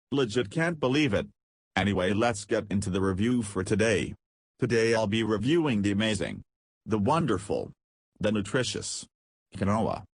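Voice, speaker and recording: A man narrating an absurd comic story in first person, deadpan and goofy. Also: fairly low pitch, no echo. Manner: goofy, deadpan, absurd humor with silly voices. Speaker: podcast storyteller.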